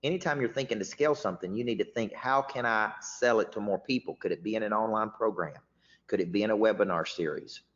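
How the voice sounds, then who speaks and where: A man's voice: on the low side, quick pace, fairly bright tone. A man hosting a motivational webinar as a business coach, emphatic and often restarting his words. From Tennessee. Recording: muffled webinar audio with long reverb.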